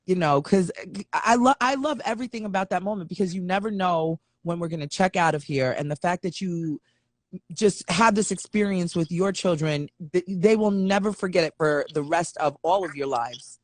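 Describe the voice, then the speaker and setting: A woman's voice: fairly low pitch, moderate pace, no echo. A young woman hosting a casual interview, reacting eagerly to her guest's stories. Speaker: host.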